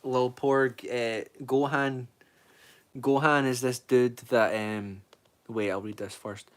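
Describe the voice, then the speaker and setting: A young Scottish man talks loosely on a livestream, answering his chat with a rambling, easygoing flow. His voice sits at an ordinary middle pitch for a man. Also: fairly even intonation, slow. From Scotland. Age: 20s. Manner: rambling, reads out viewer comments and answers them. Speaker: streamer.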